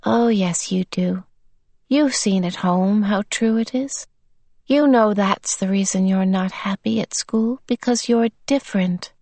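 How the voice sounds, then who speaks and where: A woman voicing a cold, sinister little boy under a possessing mind, speaking in a flat, monotonous way. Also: medium pitch, a little slow, no echo. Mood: coaxing.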